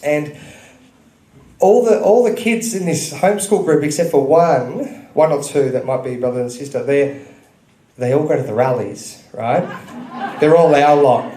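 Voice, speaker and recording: Speaking at a measured pace, this man's voice is on the high side and mellow, with slight background noise. He is in his thirties, delivering an earnest, preachy, story-filled speech to an audience in a club function room, and the hall echoes.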